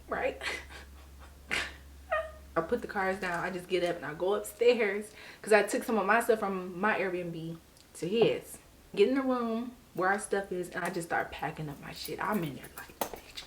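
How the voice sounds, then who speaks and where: A young woman from Detroit telling a story on her vlog in a casual, slangy, animated way, laughing as she goes. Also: mid-range voice. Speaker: storyteller vlogger.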